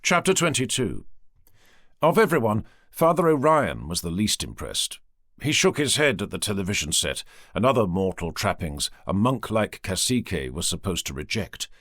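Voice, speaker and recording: Casting: male audiobook narrator, lively, expressive pitch, dry booth sound. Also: moderate pace, no echo. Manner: expressive storytelling. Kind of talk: scripted narration.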